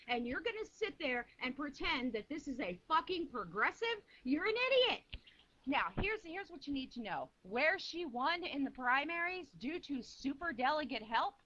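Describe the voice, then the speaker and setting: A woman's voice: high-pitched, bright, forceful tone. A woman in a heated, profane political rant, firing off rhetorical questions at her listener. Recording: dull lo-fi recording.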